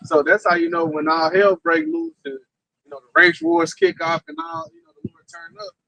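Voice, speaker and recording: Male participant, high and gravelly, swooping animated delivery. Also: moderate pace, dry recording, poor audio. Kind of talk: casual religious discussion.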